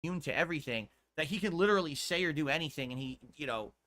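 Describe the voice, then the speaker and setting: A man's voice: fairly high pitch, lively intonation, quick pace, pushed and bright. A man, a streamer, ranting in exasperated, profane commentary in a clip played back by another streamer.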